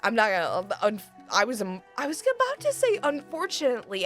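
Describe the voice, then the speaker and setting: A woman's voice: medium pitch, sing-song, brisk, hardly any pauses, fairly bright tone, faint music behind. A woman streaming a game, chatting casually with her viewers, laughing often and swearing freely. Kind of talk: casual gameplay chat with chat.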